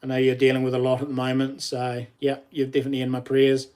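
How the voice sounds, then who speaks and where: A man's voice: mid-range voice, completely flat delivery, quick pace, darkish tone, clear, resonant tone. A middle-aged man with a New Zealand accent, chatting casually on a live stream, laughing often and reading out viewer messages.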